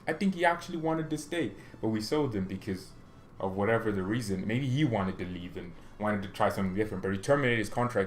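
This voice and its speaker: An excitable man hosts a football fan channel in casual chat. His voice sits at a middle pitch and swings between hushed asides and sudden loud bursts. He laughs often and throws in slangy remarks.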